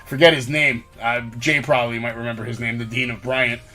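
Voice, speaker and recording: Animated, foul-mouthed New storyteller man. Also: mid-range voice, fairly quick, faint music behind. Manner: animated, profane storytelling with acted quotes. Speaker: podcast host. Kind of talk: casual chat, storytelling.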